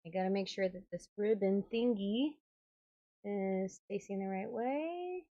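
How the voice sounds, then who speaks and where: A woman vlogging casually as she works on a doll with her hands, chatty and quick to exclaim. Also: medium pitch, dry recording, highs cut off. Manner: chatty, exclaims and laughs while working. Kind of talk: casual hands-on vlog talk.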